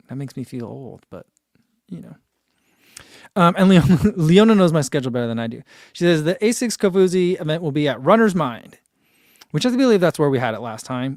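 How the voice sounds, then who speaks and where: A chatty man in his forties with a fairly high voice, talking casually on a live stream and laughing often as he reads out comments. The sound is dry and close, with no room echo. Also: darkish tone. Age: 40s. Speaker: running channel host.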